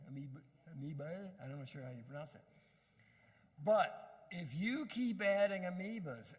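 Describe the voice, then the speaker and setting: A man with a slightly high voice gives an earnest, wondering talk, stopping now and then for a casual aside or to correct himself. His words ring out with a long reverb, as in a big hall. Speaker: speaker on science and meaning.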